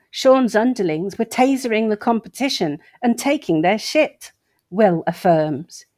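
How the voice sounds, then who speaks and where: A woman's voice: mid-range voice, darkish tone, no echo. Sarcastic woman reading an article aloud. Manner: sarcastic asides between read passages. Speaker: host.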